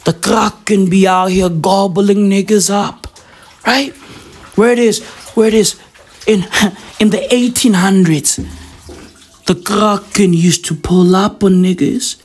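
A woman's voice: mid-range voice, fairly even intonation, takes it slowly, darkish tone, slightly rough. A woman with a South African accent delivering a rambling, profane comic rant full of slang.

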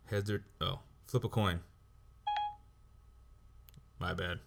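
A low-pitched man hosts his own podcast alone, talking in a loose, heavily profane rant. He is blunt and unfiltered, and he drops swear words into nearly every sentence. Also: steady tone, slow pace, gravelly, background noise. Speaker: podcast host.

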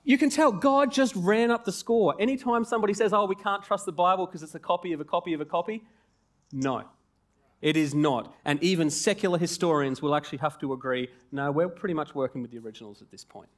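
A man in his forties preaching a sermon in a jokey, conversational and animated way, with asides and rhetorical questions. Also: fairly high pitch, quick pace.

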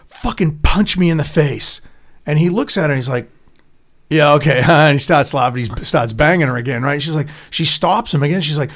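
A man's voice: on the high side, fairly bright tone. A man chatting casually and telling a crude, profanity-filled story. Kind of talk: casual chat.

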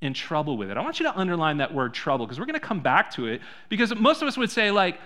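A man preaching a sermon in a church, conversational, full of rhetorical questions, swinging between soft and loud. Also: a little high, huge pitch swings, fast. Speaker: pastor.

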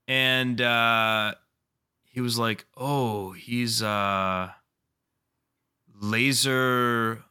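Bright-voiced profane man telling stories. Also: medium pitch, smooth. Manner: animated, profane, laughs while telling stories. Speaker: podcast co-host. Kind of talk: casual storytelling chat.

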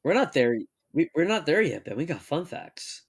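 A young man co-hosting a casual chat, joking and laughing often, and reading text aloud at a measured pace. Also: on the high side, big pitch swings, breathy edge. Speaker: podcast co-host.

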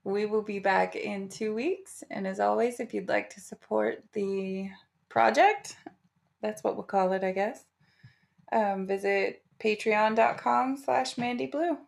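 Slow gravelly woman podcast host. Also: medium pitch. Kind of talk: casual podcast sign-off.

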